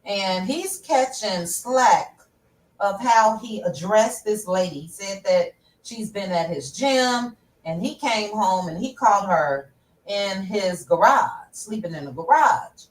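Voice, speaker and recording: A woman's voice: mid-range voice, lively intonation, takes it slowly, echoey room, far from the mic, low-quality recording. A woman hosting a casual livestream, chatting directly with her viewers about pop culture news. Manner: chatty, talks straight to viewers. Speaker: host.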